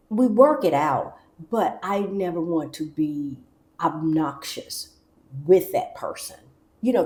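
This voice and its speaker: A woman from the United States talking casually to camera in a chatty, animated way, acting out little quoted asides. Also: low-pitched, echoey room. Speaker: vlogger.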